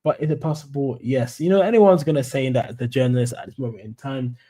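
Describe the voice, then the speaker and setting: A man's voice: mid-range voice, fast talker, warm tone. A young man from London with a London accent, chatting casually on a football fan live stream in a rambling, friendly way. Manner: chatty, rambling, says "mate" and "you know what I'm saying".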